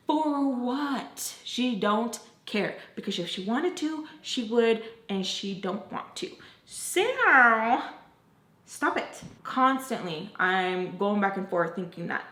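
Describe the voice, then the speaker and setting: A young beauty and story-time YouTuber tells a personal story to camera in a casual monologue, chatty and profane and full of "like" fillers. Her fairly high, slightly bright voice moves at normal speed with hardly any pauses, and the recording has a roomy echo.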